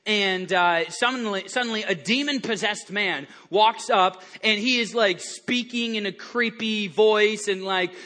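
A male pastor preaching a sermon to his church, animated and lively, stumbling over restarts and acting out the people in his stories. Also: high voice, a little slow, few pauses. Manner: animated, acts out quoted voices, many restarts. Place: church service before a congregation.

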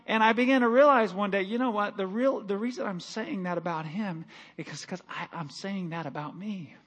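A middle-aged male pastor preaching a sermon, swinging between loud emphatic lines and hushed ones. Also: high-pitched, steady tone, brisk. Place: church sanctuary.

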